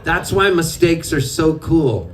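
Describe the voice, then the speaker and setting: A man telling stories between songs at a live show, animated and self-mocking, often laughing as he talks. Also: fairly high pitch, slow pace. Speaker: singer-songwriter telling stories on stage. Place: live music venue with an audience. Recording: distant live room recording with crowd. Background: audience and ambient noise.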